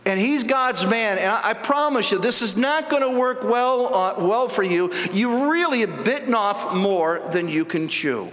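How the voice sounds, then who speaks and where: Male preacher, high voice, folksy storytelling between scripture readings, church hall reverb. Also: animated, unhurried, few pauses, fairly bright tone. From United States. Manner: reads scripture aloud with congregation, retells in folksy speech. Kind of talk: sermon. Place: church sanctuary.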